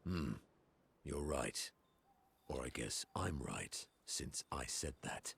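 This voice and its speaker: An actor voicing a proud, competitive male comrade in a video game, gravelly and measured in manner. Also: rumbling low, lively intonation, fairly bright tone, exaggerated voice.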